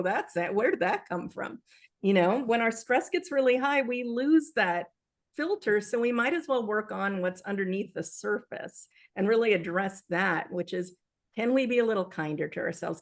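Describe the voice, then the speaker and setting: A woman author, a guest in an interview, speaking earnestly and acting out quoted self-talk. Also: medium pitch. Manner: earnest, animated with acted-out quotes. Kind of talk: conversational interview.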